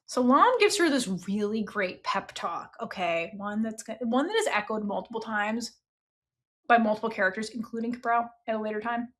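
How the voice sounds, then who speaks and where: Woman gushing about a book on her podcast, kinda high voice, swears a lot, super chatty. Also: moderate pace. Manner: chatty, expressive, swears freely. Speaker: book club podcast host. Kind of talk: casual book review chat.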